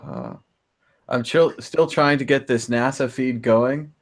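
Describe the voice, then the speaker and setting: Male co-host, average pitch, relaxed and dry, casual remote livestream talk. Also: takes it slowly. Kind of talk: casual livestream panel chat.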